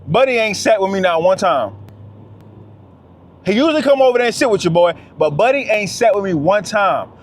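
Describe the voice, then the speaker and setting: A man's voice: sits high, expressive, brisk, a little hiss or hum. A man, giving an impassioned, preachy monologue straight to his viewers and repeating his points. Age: 30s. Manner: preachy, repetitive, talks straight to "fellas". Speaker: vlogger.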